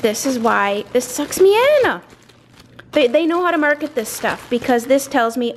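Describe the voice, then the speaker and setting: Casting note talkative woman, thirties, fairly high voice, rambling haul-video chatter, faint hiss behind. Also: very animated, moderate pace. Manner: rambling, talkative, lots of fillers and asides. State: slightly out of breath. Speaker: vlogger showing a grocery haul.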